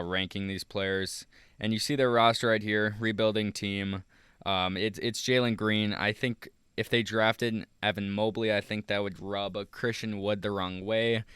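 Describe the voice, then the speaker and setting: A man's voice: lowish voice, a bit bright, smooth, dry recording, clean studio sound. A man casually talking through a basketball mock draft over a screen recording, rambling with many fillers and restarts. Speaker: YouTuber.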